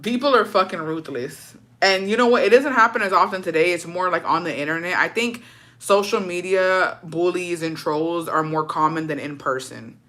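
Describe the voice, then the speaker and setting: Woman, bright voice, blunt profane storyteller, casual chat. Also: fairly low pitch, normal speed. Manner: blunt and profane, mixing Spanish into English. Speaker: streamer telling stories.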